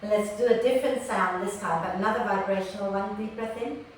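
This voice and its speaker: A woman teaching an online prenatal yoga class, guiding gently and tagging her cues with "okay?". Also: medium pitch, steady tone, quick pace, heavy reverb, recorded from a distance, slight background noise, low-quality recording. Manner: gentle, tags nearly every instruction with "okay?". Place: room recorded for an online class.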